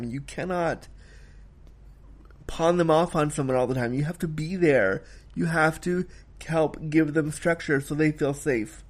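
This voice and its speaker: A man's voice: on the high side, moderate pace. A man giving a casual spoken film review, emphatic and heated, swearing freely as he rants.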